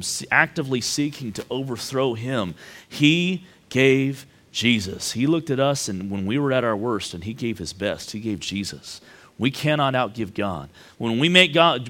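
A man's voice: mid-range voice, fairly bright tone. Male pastor, thirties, chatty sermon delivery, keeps tagging lines with "right?". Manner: conversational, tags lines with "right?".

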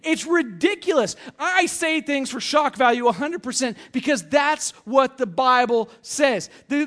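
High-pitched guy pastor cracking jokes through a sermon, real conversational. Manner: conversational, jokey, animated storytelling with quick voiced asides. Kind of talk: humorous sermon. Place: church sanctuary.

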